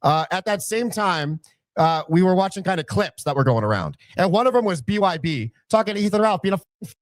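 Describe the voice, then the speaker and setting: A man's voice: sits high, expressive, brisk, no room sound. A man telling a story on a podcast and reading out messages in mocking voices.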